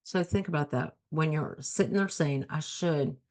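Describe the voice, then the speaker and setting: A woman's voice: sits low, normal speed, darkish tone. A woman life coach hosting her own talk show, speaking earnestly and conversationally, repeating key phrases for emphasis. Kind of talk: solo talk show monologue.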